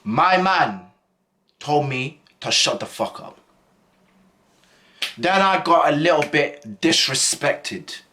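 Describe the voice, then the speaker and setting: A man's voice: a little high, expressive, slow, pauses often, pushed and bright, slight background noise. A young man telling a school story in a casual, rambling way full of slang and fillers. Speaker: vlogger.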